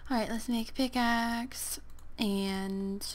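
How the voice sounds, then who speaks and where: A woman giving casual, playful gameplay commentary while sick, clearing her throat and chatting to the game creatures. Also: fairly high pitch, steady tone, slow pace, slight background noise. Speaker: gaming let's player.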